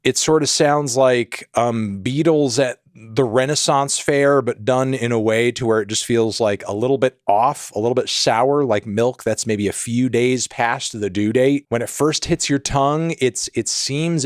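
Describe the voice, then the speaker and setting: Jokey, animated male music critic. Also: no room sound, studio quality. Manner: animated and jokey, with sudden pitch jumps. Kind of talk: casual video review.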